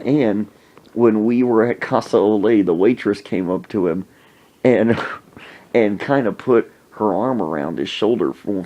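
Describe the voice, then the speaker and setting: A man hosting a podcast, telling funny anecdotes in a casual, animated way and acting out the people in them. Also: fairly low pitch, lo-fi sound. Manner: animated anecdote telling with acted-out sneezes and voices. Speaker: podcast host. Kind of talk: casual storytelling.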